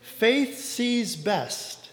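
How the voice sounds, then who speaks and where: A man reading as a gentle grieving woman. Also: a little high, expressive, very slow, in a large hall, pitched above the performer's own voice. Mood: earnest, grateful.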